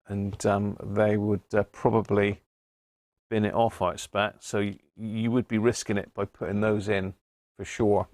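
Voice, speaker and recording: Heard with no room sound, a fairly low-pitched man runs a laid-back live stream on radio hobbies. He reads chat messages aloud and answers viewers in a rambling, talkative way, often starting over mid-thought.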